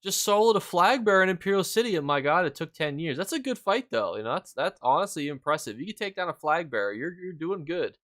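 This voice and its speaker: A man's voice: fairly high pitch, lively intonation, fast talker, hardly any pauses, a bit bright, no echo, clean studio sound. Chatty man rambling over a game stream. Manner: rambling, filler-heavy storytelling; reads and answers chat while playing. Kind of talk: casual gameplay chat.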